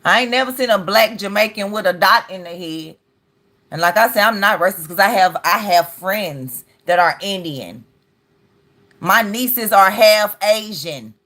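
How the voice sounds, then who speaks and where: A woman's voice: mid-range voice, lively intonation, moderate pace, bright, forceful tone. A woman hosting a reaction video, giving casual, emphatic commentary and repeating herself for effect.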